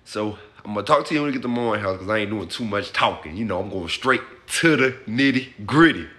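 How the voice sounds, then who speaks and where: A young man hosting a casual vlog, talking to his viewers in an excited, slangy way from his car. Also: fairly low pitch, a little fast. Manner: hyped, slangy, addresses viewers as y'all. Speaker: vlogger host. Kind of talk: casual vlog talk to camera. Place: in a parked car.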